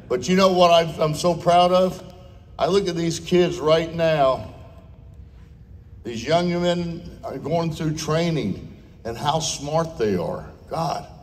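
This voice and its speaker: A man's voice: a little high, a little hiss or hum. An older man giving a blunt, folksy, off-the-cuff speech at a veterans' dinner, with salty language. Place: large dinner hall. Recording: long hall reverb.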